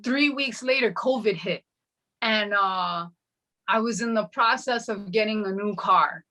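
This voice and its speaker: A middle-aged woman sharing her personal testimony in an interview, telling her story with animated energy and acting out what people said. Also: mid-range voice, a little slow. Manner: animated, acts out quoted dialogue.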